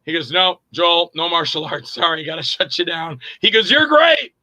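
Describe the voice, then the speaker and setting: A man's voice: on the high side, normal speed, no room sound, rough recording. A middle-aged man, an actor and director, casually telling stories in an interview and acting out quoted dialogue with plenty of fillers. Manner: animated, acts out quoted dialogue, frequent fillers.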